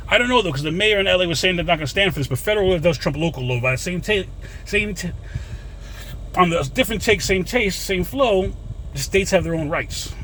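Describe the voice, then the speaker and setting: A man's voice: high voice, expressive, fast talker, fairly bright tone, a little hiss or hum, rough recording. A man in his thirties ranting casually to the camera outside a gym, rambling and calling his viewers folks. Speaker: vlogger.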